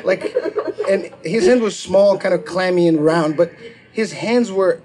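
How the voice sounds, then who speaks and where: A high-pitched man performs stand-up, spinning a story with plenty of swearing and shouted impressions. A live audience laughs loudly around him. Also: unhurried, a crowd in the background. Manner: profane, animated, acts out quotes with shouts. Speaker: stand-up comedian.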